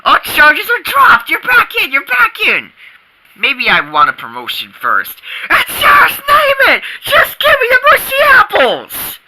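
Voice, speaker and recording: A shrill, bossy little boy yells his schemes in a fan dub of a comic strip. The voice is piercingly bright and swings wildly in pitch. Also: huge pitch swings, moderate pace, hardly any pauses, full character voice, poor audio. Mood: frantic. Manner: shrill, shouty, hyperactive. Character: excitable bossy six-year-old boy.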